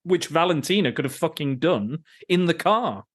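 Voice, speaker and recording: Ranting about a movie on his podcast, this man swears plenty and keeps restarting himself in a casual way. His voice sits on the high side, with lively intonation and a normal speed.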